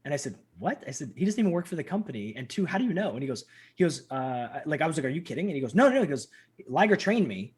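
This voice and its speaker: A man in his thirties, a guest telling stories in a casual interview, animated and acting out quoted lines. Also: very fast, slightly rough. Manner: animated, acts out quotes with big pitch jumps.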